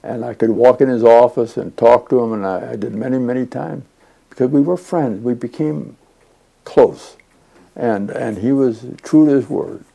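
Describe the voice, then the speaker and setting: A man's voice: mid-range voice, moderate pace, gravelly, mellow. An older man being interviewed, recounting his past in a rambling, chatty way with many fillers. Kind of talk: oral history storytelling.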